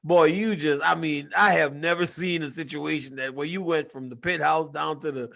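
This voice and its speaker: A man with a fairly high voice co-hosts a casual sports chat over a video call. He talks in an animated, teasing way and breaks into laughter often. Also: normal speed, vocal fry. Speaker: co-host and fight analyst.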